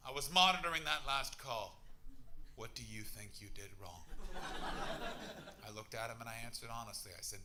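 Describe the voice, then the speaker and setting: A Canadian man in his thirties doing stand-up crowd work on a comedy club stage, loud and sweary, bursting into shouts. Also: medium pitch, moderate pace, long pauses. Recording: audible crowd noise.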